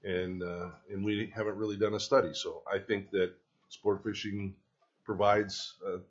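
A man's voice: on the low side, little pitch movement, moderate pace. A man speaking as a legislator in a committee hearing, plain-spoken and direct. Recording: muffled lo-fi hearing audio.

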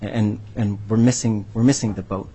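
A man's voice: on the low side, fairly even intonation, normal speed, mellow, slight background noise. A man answering a panel question by telling an earnest, heartfelt story about his work as a language educator.

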